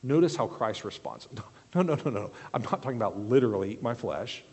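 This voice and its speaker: A man preaching a sermon, explaining scripture verse by verse with expressive questions. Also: medium pitch, fast talker, breathy edge, big-room sound.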